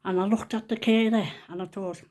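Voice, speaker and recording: A woman's voice: medium pitch, steady tone, brisk, darkish tone. A woman in her seventies telling funny stories to camera in a chatty, rambling, down-to-earth way. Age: 70s. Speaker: vlogger. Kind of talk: casual storytelling to camera.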